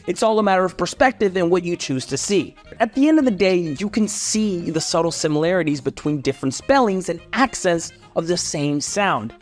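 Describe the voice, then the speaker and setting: A young French man with a French accent, narrating a playful comedic explainer in a chatty, self-interrupting way. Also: high voice. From France. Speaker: comedy creator. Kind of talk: comedic educational sketch narration.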